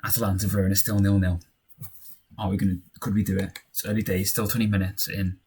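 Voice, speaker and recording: A young man casually narrates his own football management game, cheering and shouting when goals go in and muttering through the tense stretches. His voice is deep and level, he talks fast, and there's slight background noise.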